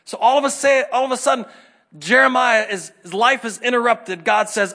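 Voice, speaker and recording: A man preaching a sermon, animated and acting out the voices in the scripture stories. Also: very high voice, normal speed. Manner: animated, acts out scripture dialogue in varied voices.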